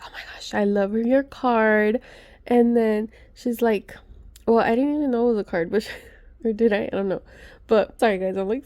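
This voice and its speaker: A woman chatting excitedly to her viewers as she unboxes gifts, gushing and talking to her audience. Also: fairly high pitch, dry recording, studio quality. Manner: gushing, chatty, many gasps and asides to viewers. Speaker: vlogger.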